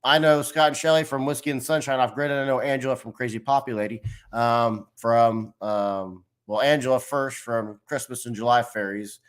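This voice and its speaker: A middle-aged man hosts a casual livestream. He talks in a loose, rambling, friendly way, often breaking off to greet viewers from the chat. His voice sits at an ordinary middle pitch. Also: steady tone, moderate pace, hardly any pauses, clean tone. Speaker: host of a livestream. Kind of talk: casual live-stream chat.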